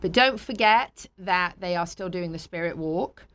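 A woman's voice: lowish voice, measured pace, a bit bright, clean tone. A woman with a British accent hosting a talk show, chatty and laughing easily between sponsor reads. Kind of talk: casual chat.

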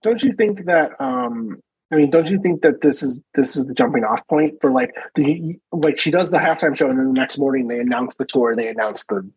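A man's voice: medium pitch, a little fast, a little mellow, slightly rough, no echo. A man co-hosting a podcast in casual chat, rambling and restarting his sentences. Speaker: podcast co-host. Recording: dull, dry lo-fi sound.

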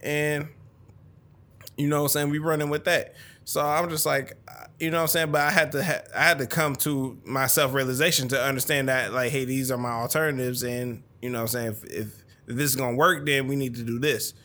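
A man's voice: medium pitch, little pitch movement, fairly quick, bright, forceful tone. A man in his thirties co-hosting a podcast, talking in loose, profane banter and laughing often. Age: 30s. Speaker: podcast co-host. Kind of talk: casual podcast chat.

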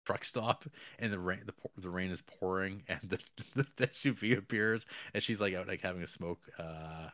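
A podcast co-host recaps a film in a rambling, casual way, chuckling often and using many fillers. His voice is deep with a fairly bright tone, at normal speed. The recording is dry.

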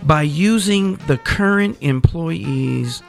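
A middle-aged man hosts a radio show, his voice on the high side, animated and slow with vocal fry, faint music playing behind him. He chats casually, telling playful anecdotes and speaking straight to his listeners.

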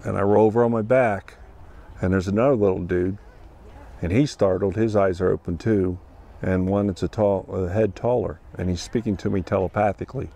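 A man from Ohio earnestly recounts something he experienced at a festival, acting out the dialogue in a plain-spoken way. His voice is low, creaky, and warm, with fairly even intonation and a brisk pace.

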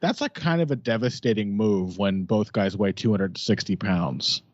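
A man's voice: lowish voice, moderate pace, no room sound. A man co-hosting a podcast, breaking down fights in a loose, joking, hedging way. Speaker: podcast co-host. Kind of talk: casual fight-analysis chat. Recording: dull, dry lo-fi sound.

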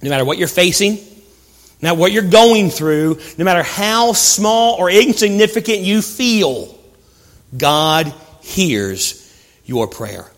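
A man preaching a sermon, telling a story with passion and swinging from hushed lines to loud ones. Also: high voice, measured pace. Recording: reverberant hall sound.

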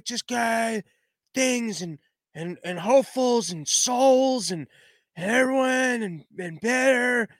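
A man's voice: sits high, fairly bright tone, no room sound, studio quality, full character voice. A man doing an impression of a confused elderly male politician who mumbles and trails off into word salad.

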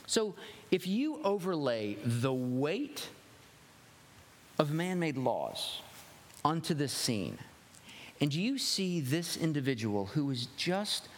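A male pastor giving a conversational sermon with animated, wry asides. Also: mid-range voice, slight background noise. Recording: long hall reverb.

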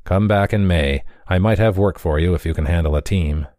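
Man playing a matter-of-fact kindly boss, low dark voice. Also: a little fast, no room sound, studio quality, natural voice. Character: kindly practical male Dutch haulier.

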